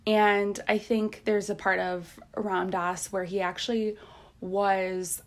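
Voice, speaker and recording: A woman co-hosting a podcast who speaks in a reflective, halting way with many fillers. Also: medium pitch, level tone. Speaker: podcast co-host. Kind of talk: casual chat.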